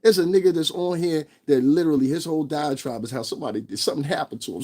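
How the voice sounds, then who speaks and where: A man's voice: on the high side, fast, hardly any pauses, darkish tone. A man ranting in a profane, blunt commentary vlog, stressing his points and laughing between them. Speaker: vlogger.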